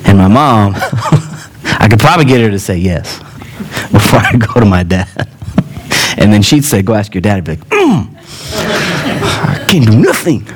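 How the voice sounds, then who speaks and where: A man preaching a sermon in a relaxed, conversational way, with joking asides between earnest points. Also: lowish voice, normal speed, long pauses, crowd noise.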